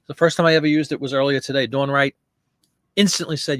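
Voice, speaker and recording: A man's voice: mid-range voice, steady tone, fast talker, no echo, studio quality. A man hosting a live listing stream, chatting casually and answering viewer comments while he works. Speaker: live stream host listing items for sale.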